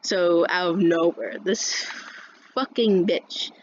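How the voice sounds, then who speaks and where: A woman vlogger with a fairly low voice tells a story slowly as a casual rant, rambling, swearing a lot and restarting often. The recording is dull and lo-fi with faint noise.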